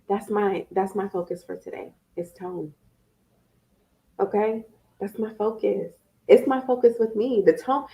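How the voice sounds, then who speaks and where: A woman educator giving parenting tips in a lively, conversational live-stream talk with playful asides. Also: medium pitch, muffled recording.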